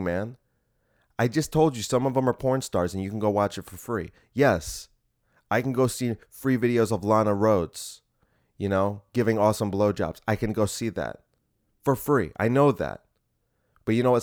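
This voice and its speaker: A man hosting a solo podcast, ranting in an exasperated, animated way with plenty of swearing. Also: mid-range voice, normal speed, dry recording, clean studio sound. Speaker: podcast host. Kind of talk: casual solo podcast rant.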